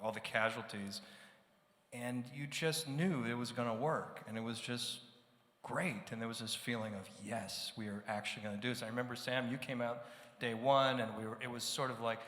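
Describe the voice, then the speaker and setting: A man, a producer, telling a reflective story on a live panel, with frequent pauses and fillers. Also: medium pitch, a bit bright. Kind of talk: casual panel chat. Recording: echoey hall, live event.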